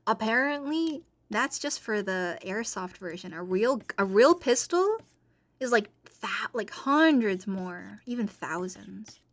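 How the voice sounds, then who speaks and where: A woman's voice: medium pitch, animated, slow. A woman streamer talks casually with her chat, rambling and playful. She giggles often and moves loosely from one thought to the next.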